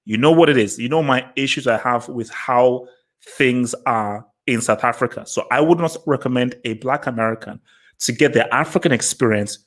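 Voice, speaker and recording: A man hosts a casual live panel discussion. He talks in long, winding runs, stacking up fillers and breaking into laughs as he goes. His pitch sits in an ordinary middle range for a man. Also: normal speed, poor audio. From Nigeria. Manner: rambling, full of fillers, animated and laughing.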